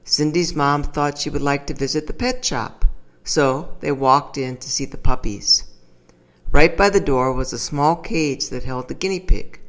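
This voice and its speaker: A narrator reading a short teaching story in a calm, even storytelling manner. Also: mid-range voice, measured pace. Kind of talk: scripted narration.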